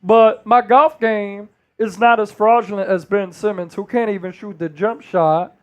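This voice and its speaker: A man's voice: high voice, steady tone, measured pace, muffled recording. A man doing an impression of a boastful older basketball analyst, drawling and rambling. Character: impression of a famous retired basketball star turned TV analyst, man, 60s, brash.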